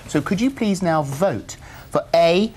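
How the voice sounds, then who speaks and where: Jolly, lively-voiced male TV host. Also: fairly high pitch, a little slow, a little hiss or hum. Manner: jolly, laughs often. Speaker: TV show host. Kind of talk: live morning TV chat.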